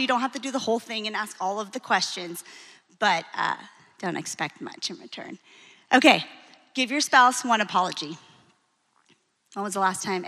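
A woman in her forties, a marriage coach, giving a lively, frank and encouraging talk to a live audience. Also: on the high side. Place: hall with an audience. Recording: long reverb of a large hall.

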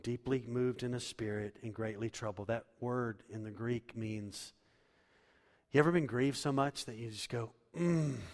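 A man preaching a sermon as pastor, swinging from loud, emphatic lines to hushed, quiet ones. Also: mid-range voice. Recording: long hall reverb.

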